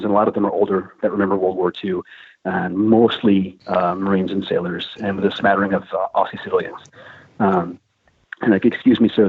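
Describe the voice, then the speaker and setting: A man's voice: deep voice, slightly rough, dry recording. A middle-aged man casually telling a crude, profane story, acting out the other people in it. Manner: crude, profane, animated anecdote with quoted voices. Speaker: podcast host telling a war story. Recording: phone-like, narrow band, dry.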